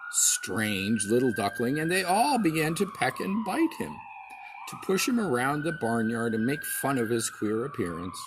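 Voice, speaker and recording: A man, a father, reading a storybook aloud to his child, expressive, with small slips and restarts. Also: mid-range voice, noisy background.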